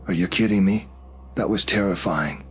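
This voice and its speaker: A man's voice: sits low, normal speed, a little hiss or hum, close to an everyday voice. A man voicing a wary, teasing nineteen-year-old woman in a storybook tale. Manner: sly, pointed replies.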